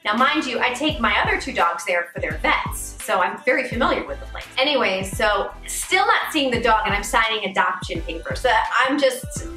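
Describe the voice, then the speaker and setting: A middle-aged woman, the vlogger's mother, telling a story in animated, casual chat. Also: a little high, moderate pace, few pauses, echoey room, recorded from a distance, soft background music.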